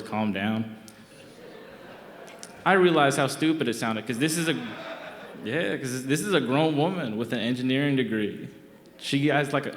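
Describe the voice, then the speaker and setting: A man's voice: mid-range voice, slight background noise. A young man telling a comic true story from his own life on stage, in a wry, conversational, self-mocking way. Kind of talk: live comic personal storytelling. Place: theatre stage. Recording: roomy theatre reverb.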